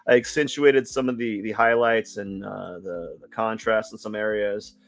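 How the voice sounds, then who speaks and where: A man's voice: fairly low pitch, fairly even intonation, moderate pace, fairly bright tone. A man live-streaming his drawing session, chatting casually in a rambling, joking way. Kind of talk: casual chat while drawing.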